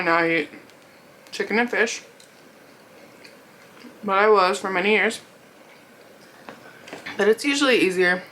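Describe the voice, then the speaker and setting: A woman's voice: lowish voice, a bit bright, a little hiss or hum, low-quality recording. A young woman vlogger casually telling a rambling story while eating, laughing often and acting out what people said. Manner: chatty, rambling, lots of "like" and quoted dialogue. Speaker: mukbang vlogger.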